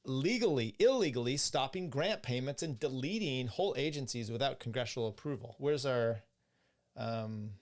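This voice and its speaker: A man's voice: mid-range voice, lively intonation, moderate pace. Blunt, rambling male podcast host. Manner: rambling and blunt, with frequent restarts and profanity. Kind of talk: political commentary, reading articles and chat questions.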